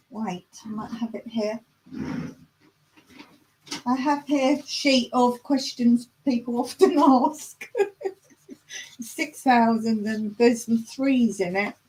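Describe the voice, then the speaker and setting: A woman's voice: on the high side, a little mellow. A woman hosting a casual live chat, giggly and chatty as she reads out viewer comments. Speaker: livestream host.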